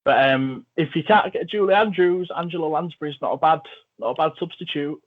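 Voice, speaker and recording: A man's voice: on the high side, fairly quick. A man hosting a podcast, chatting about films in an enthusiastic, jokey way. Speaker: podcast host. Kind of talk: casual film chat. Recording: phone-like narrow audio.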